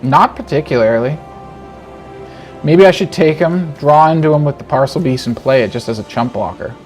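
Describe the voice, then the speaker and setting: A man giving casual, animated commentary on his own card game, talking to himself and joking through his frustration. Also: on the high side, normal speed, faint music behind. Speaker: game streamer. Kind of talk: gameplay commentary.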